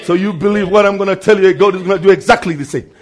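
A male preacher delivering a sermon, repeating phrases for emphasis and calling out to brother and sister, shifting from low asides to loud shouts. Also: rapid-fire.

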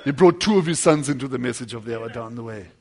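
A man preaching a sermon, telling a story with dramatic swings between loud declamation and hushed low passages, acting out the lines of the people in it. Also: fast talker, breathy edge. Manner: acts out quoted dialogue within the story.

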